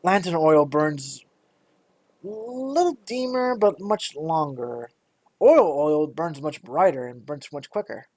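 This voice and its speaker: A man voicing a petite older woman shopkeeper who calls people dearie, in a high sweet falsetto. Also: expressive, takes it slowly, a little mellow, no room sound. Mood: sweet, fussy.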